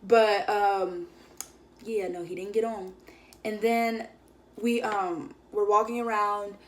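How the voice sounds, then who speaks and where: A young woman recounts her day as a vlogger in a loose, chatty storytelling style, leaning on filler words and playing out what her friends said. Her voice sits at an ordinary middle pitch for a woman. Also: little pitch movement, slow pace, a little hiss or hum. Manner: chatty, filler-heavy, acts out quoted friends. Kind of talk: casual storytelling.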